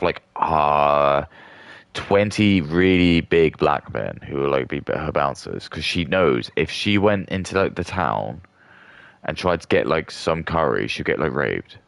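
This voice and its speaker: A man with an extremely deep voice full of gravelly fry rambles through casual commentary as a streamer. He piles on filler words and starts sentences over. The sound is close and dry, with no room around it. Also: a bit bright, dry recording. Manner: rambling, heavy use of filler words, trailing restarts.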